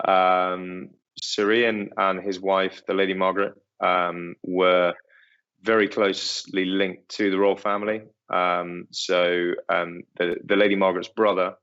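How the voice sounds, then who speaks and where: A man's voice: low-pitched, level tone, measured pace, fairly bright tone. A middle-aged man who owns an estate, answering interview questions in a hesitant way with many ums and restarts. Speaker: estate owner, interview guest. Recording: dull lo-fi sound.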